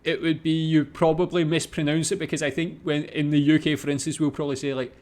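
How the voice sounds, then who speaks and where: A Scottish man hosting a casual reaction video, repeating foreign words slowly and chatting between them. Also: a little high, little pitch movement, a little mellow. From Scotland.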